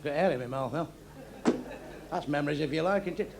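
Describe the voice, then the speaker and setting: An older man performs a crude, blunt stand-up set on a nightclub stage, heckling his band between jokes. His voice is a little high and a little fast, with vocal fry. The live club recording has a loud crowd laughing and music playing behind him.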